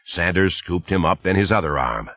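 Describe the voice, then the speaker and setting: A man narrating an audiobook in a lively, expressive reading. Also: low voice, moderate pace, no room sound, lo-fi sound. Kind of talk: scripted narration.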